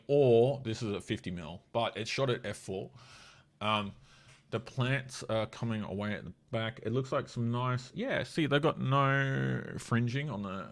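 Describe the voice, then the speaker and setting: An Australian man with a slightly low voice, fighting off a cold. He talks in a blunt, sweary, mocking way, casually ranting about politics. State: has a cold. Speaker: commentator.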